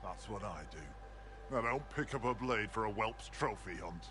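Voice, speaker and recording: An actor playing a blunt, dry-witted male clan healer and mystic in a video game, speaking tersely and gruffly. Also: fairly low pitch, expressive, measured pace. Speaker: game character.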